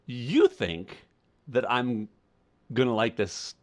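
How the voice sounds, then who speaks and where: A man's voice: medium pitch, expressive, normal speed. A man co-hosting a podcast in casual chat, weighing his opinions aloud. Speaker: podcast co-host.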